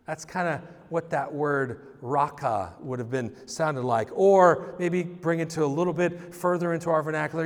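A man's voice: a little high, normal speed, hardly any pauses. A male pastor preaching a conversational sermon, informal, often restarting and repeating words. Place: church sanctuary. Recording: long reverb of a church hall.

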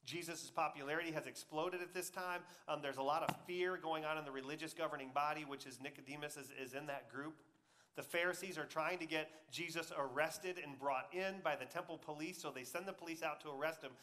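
A man preaching a sermon, swinging between loud emphatic peaks and quiet, intimate asides, and acting out quoted voices in a conversational way. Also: fairly high pitch, steady tone, brisk. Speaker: pastor.

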